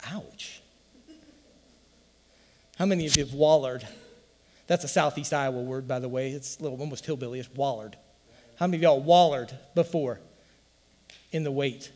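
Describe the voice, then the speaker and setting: A man's voice: mid-range voice, moderate pace, long pauses, a little mellow, long reverb tail. A man preaching a sermon in an emphatic, folksy way, full of rhetorical questions. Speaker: pastor.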